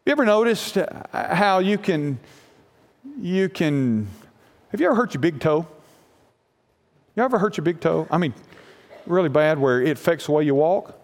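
A man preaching a sermon as pastor, telling a personal story with lively energy and often asking the congregation questions. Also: a little high, moderate pace, long pauses, big-room sound. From United States.

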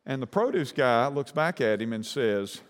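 Male preacher telling a long folksy story in a sermon, kinda rambling, mid pitch, lots of hall reverb. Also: animated, moderate pace.

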